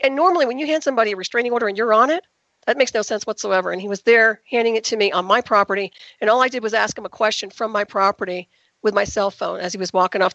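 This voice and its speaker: A woman guest telling her story in an interview, talking rapidly and emphatically. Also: mid-range voice, fairly bright tone, no room sound, lo-fi sound. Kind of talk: radio interview call.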